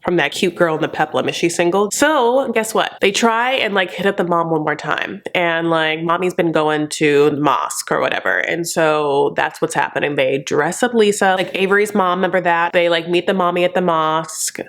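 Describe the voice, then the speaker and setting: A woman hosting a reality TV recap in a sassy, campy, gossipy way, full of "honey" and "like", breaking into high mocking impressions. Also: normal speed, few pauses, a bit bright. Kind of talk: casual comedic recap.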